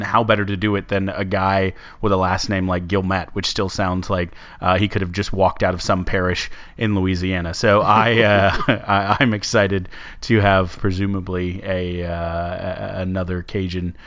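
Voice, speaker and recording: A man hosting a casual sports podcast, talking in a rambling, halting way. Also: sits low, flat delivery, fairly bright tone. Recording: dull lo-fi sound.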